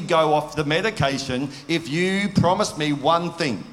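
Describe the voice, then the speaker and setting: A man's voice: on the high side, moderate pace, fairly bright tone, a little hiss or hum. Earnest preacher man in a reverberant hall. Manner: earnest, conversational preaching with rhetorical questions. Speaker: pastor. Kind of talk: sermon.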